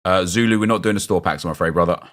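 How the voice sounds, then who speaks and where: A man's voice: sits low, racing, fairly bright tone. A young man chatting casually as he streams a football game, rambling and answering his viewers' chat as he reacts to picks.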